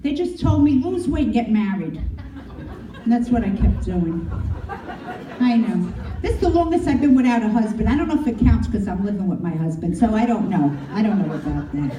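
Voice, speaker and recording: A woman's voice: mid-range voice, lively intonation, fairly quick, mellow, some chatter behind, slight background noise. A middle-aged woman doing a brash, crude stand-up comedy set. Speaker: stand-up comic. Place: comedy club. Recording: echoey club from a distance. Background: audience laughing.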